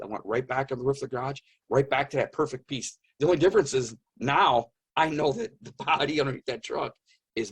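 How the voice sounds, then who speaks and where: Middle-aged man, husky timbre, earnest interview storyteller, hushes at the intense beats. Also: mid-range voice. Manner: earnest, repeats phrases for emphasis, drops to a hush at intense moments. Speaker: guest telling his near-death experience.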